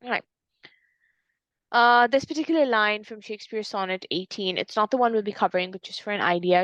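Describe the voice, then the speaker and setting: A woman's voice: medium pitch, a little fast, fairly bright tone, no room sound. Woman tutor explaining stuff in a lesson, dry close sound, says um a lot. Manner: explanatory, uses fillers and restarts.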